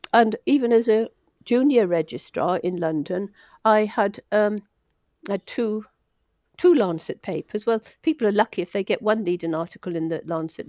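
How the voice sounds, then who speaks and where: A woman's voice: medium pitch, darkish tone, no room sound. An older woman tells stories from her medical career in a chatty, self-deprecating way. She laughs at herself often. The sound is dry and close, in a mid-range voice. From Wales. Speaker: doctor, guest. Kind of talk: casual storytelling interview.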